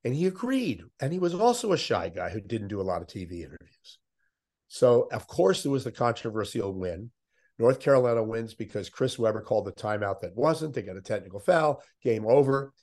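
An older man, a veteran sports interviewer, telling animated anecdotes as a podcast guest. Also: mid-range voice, brisk. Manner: animated anecdotes, puts on voices of others. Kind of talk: conversational storytelling.

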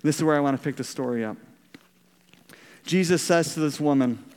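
A man's voice: fairly high pitch, fairly quick, pauses often, darkish tone, in a large hall. A man preaching a sermon, telling a story and asking the congregation questions. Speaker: pastor.

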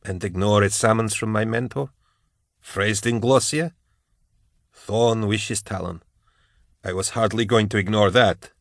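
A soft-spoken possessed mentor. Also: male voice, fairly low pitch, a little slow, long pauses, no echo, clean studio sound. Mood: wry. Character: male mentor's voice speaking through a woman.

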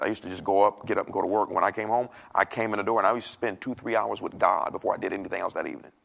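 A man's voice: lowish voice, gravelly, fairly bright tone. A middle-aged man preaching a sermon from a church stage, conversational and joking, acting out the voices he quotes. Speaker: pastor.

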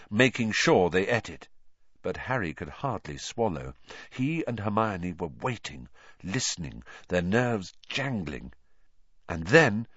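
A man narrating an audiobook in a lively, dramatic reading style, putting on character voices. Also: on the low side, dry recording, dull audio.

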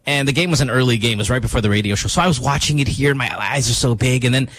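A man's voice: mid-range voice, very fast. A man co-hosting a morning radio show, telling stories in a casual, self-mocking way with lots of fillers. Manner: animated, self-mocking storytelling with many fillers.

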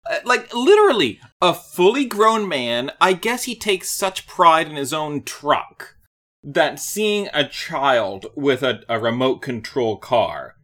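A man's voice: a little high, big pitch swings, slow, fairly bright tone. A man co-hosting a comedy podcast, talking in a playful, jokey way and often tripping over his words. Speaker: podcast co-host. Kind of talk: casual comedic chat.

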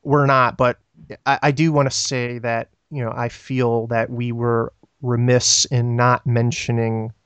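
A man's voice: mid-range voice, flat delivery, a little slow, fairly bright tone, smooth, no room sound. A man co-hosting a casual podcast, rambling with lots of fillers as he tells stories and answers listener questions. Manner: rambling, filler-heavy storytelling. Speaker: podcast co-host.

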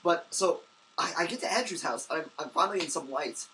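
A young man co-hosting a podcast, telling a story in casual chat with excitable rambling and many restarts. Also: on the high side, fairly quick, recorded from a distance, a little hiss or hum, rough recording. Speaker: podcast co-host.

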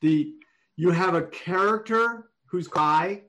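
A man giving one-on-one manuscript feedback over an online call, explaining deliberately and thinking aloud. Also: sits high, sharp tone. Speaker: writing coach.

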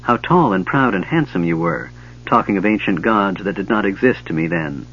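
A man voicing a proud tribal chieftain's daughter who speaks softly, earnestly and formally, in a dull lo-fi recording. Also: low voice, animated, moderate pace. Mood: tender. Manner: soft, earnest, formal speech.

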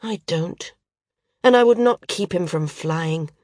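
A woman's voice: on the low side, takes it slowly, darkish tone, no echo, clean studio sound. A woman voicing a desperate, stubborn young woman who pleads on the edge of hysteria. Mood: pleading.

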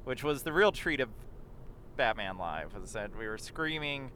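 Young guy behind the wheel, bright and animated, faint road hum. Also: medium pitch, moderate pace. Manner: lively, excitable storytelling. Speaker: podcast co-host, driving. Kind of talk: comedic banter. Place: in a car in traffic.

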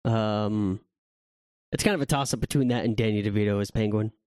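A man's voice: lowish voice, a little fast, a little mellow, clear, resonant tone, no echo, clean studio sound. A man in a casual chat, easygoing and a little hesitant.

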